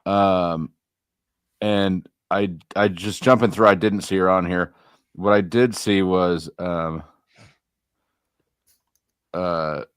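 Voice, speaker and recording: Low-voiced man hosting a livestream. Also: steady tone, clean tone, dry recording, studio quality. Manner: rambling, halting with many fillers. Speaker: stream host. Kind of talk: casual livestream chat.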